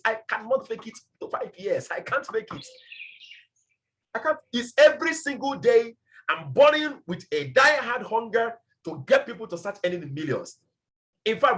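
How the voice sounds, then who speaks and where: Male business mentor from Nigeria, high-pitched, emphatic and repetitive, motivational training delivery. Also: sharp tone. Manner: passionate, emphatic, repeats phrases.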